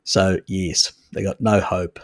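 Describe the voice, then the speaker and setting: A man's voice: sits low, flat delivery, slow, dry recording, clean studio sound. A man hosting a casual live stream, chatting with viewers, laughing often and swearing freely.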